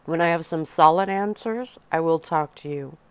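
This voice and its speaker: A woman reading the part of a calm, protective vampire father in a soft ASMR storybook reading, speaking gently and evenly. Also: sits low, normal speed, clear, resonant tone, no room sound, natural voice. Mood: calm, gentle.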